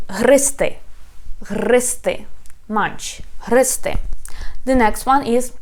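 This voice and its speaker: Slow, patient Ukrainian-accented woman teacher. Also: on the high side. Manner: slow, repeating each word for learners. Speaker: language teacher. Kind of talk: online language lesson.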